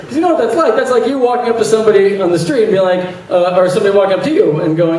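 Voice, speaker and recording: A man doing a stand-up comedy set, delivering dry one-liners and acting out voices in animated bursts. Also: high-pitched, rapid-fire, hardly any pauses. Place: large venue with audience laughter. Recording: echoey live hall, distant mic, noisy.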